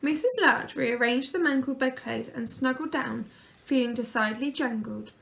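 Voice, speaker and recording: A woman reading a children's picture book aloud, gently and expressively. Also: sits high, normal speed, creaky. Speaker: storyteller.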